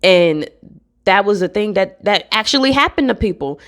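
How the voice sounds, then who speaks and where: A woman's voice: medium pitch, lively intonation, moderate pace, a bit bright. A young adult woman vlogging to camera in a casual rant, blunt and profane.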